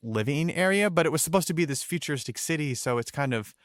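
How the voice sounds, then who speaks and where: A man's voice: fairly high pitch, lively intonation, quick pace, dry recording, studio quality. A man hosting a podcast, chatting casually and reading scripted history passages with some hesitation. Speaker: podcast host.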